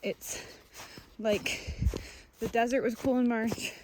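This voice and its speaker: A long-distance hiker films a candid vlog to camera on a mountain trail, her fairly high voice steady and slow. She vents her frustration plainly and honestly, with outdoor noise audible behind her.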